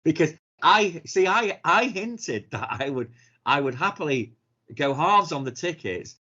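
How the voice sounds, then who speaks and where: A middle-aged man with a Manchester accent, chatting casually on a podcast, sweary and animated, laughing often. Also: fairly high pitch, a little slow, highs cut off. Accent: Mancunian. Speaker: podcast co-host. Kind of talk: casual chat.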